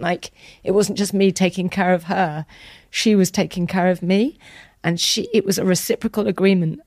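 A woman guest telling an emotional personal story in a candid, chatty way, acting out quoted lines with soft whispers. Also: fairly low pitch, no echo.

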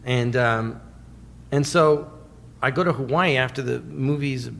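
Gravelly man telling lively stories. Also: mid-range voice, unhurried. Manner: animated storyteller, acts out quotes. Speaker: guest. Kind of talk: interview storytelling.

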